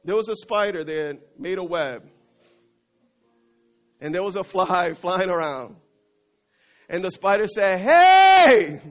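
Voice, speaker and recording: A male pastor preaches with a high voice, driving points home through repetition and calls to the congregation. The recording is dull and lo-fi. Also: unhurried, long pauses, a bit bright. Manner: emphatic, repetitive preaching with call-and-response. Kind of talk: sermon.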